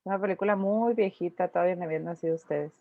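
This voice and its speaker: A woman with Spanish as her teaches English in an online class, explaining grammar step by step and restarting her sentences as she thinks. Her voice sits a little low. The sound is thin and phone-like, and dry with no room echo. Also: racing, creaky. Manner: explains patiently, with frequent restarts and thinking aloud. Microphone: video call. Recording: tinny video-call audio, dry.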